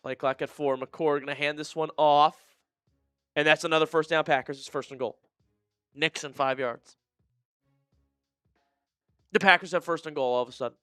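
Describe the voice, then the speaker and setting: Male fan streamer, smooth resonant voice on a dry close sound, excitable play-by-play that swings into disgusted muttering. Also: moderate pace, long pauses, dry recording, faint music behind. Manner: excitable, swinging between shouted calls and low disgusted muttering. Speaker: fan watch-party streamer. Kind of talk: live play-by-play fan commentary.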